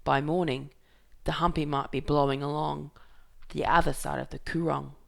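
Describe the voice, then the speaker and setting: A woman reading aloud, voicing a weathered grown man who speaks plainly and gravely to his son. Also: sits low, flat delivery, moderate pace, fairly bright tone, full character voice. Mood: warning. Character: weathered grown man, a boy's steady father.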